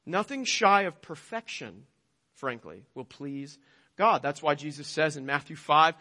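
High bright-voiced preaching man. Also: expressive, measured pace, big-room sound. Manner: emphatic preaching with rhetorical questions. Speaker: pastor. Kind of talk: sermon.

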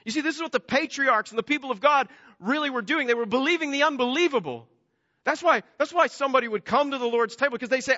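A man preaching a sermon, animated, moving between loud emphasis and hushed storytelling. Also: extremely high pitch, fast. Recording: dull lo-fi sound with long hall reverb.

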